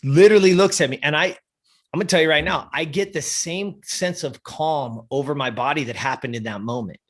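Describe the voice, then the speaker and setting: A man in his fifties telling a personal story in an interview, animated and profane, often checking in with "you know" and "right". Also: fairly high pitch, fairly quick. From US West Coast. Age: 50s. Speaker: interview guest.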